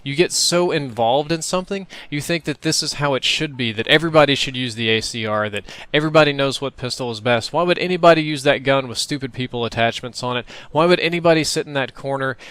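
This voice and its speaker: Smooth-voiced young man doing game commentary. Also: medium pitch, fast, few pauses, a bit bright, dry recording. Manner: conversational, reflective, laughs now and then. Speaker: gaming commentator. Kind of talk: casual gameplay commentary.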